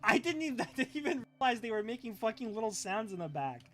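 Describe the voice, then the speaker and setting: A man's voice: high voice, sing-song, fast. A young man streaming live, reacting to clips in a profane, ranting, scoffing way.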